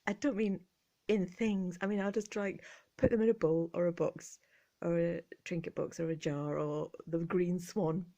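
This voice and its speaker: A woman in her fifties with an English accent, chatting in a relaxed vlog from a room in her home, jokey and self-mocking with frequent giggles. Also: fairly low pitch, moderate pace. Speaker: vintage collector vlogger. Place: cosy room at home, indoors.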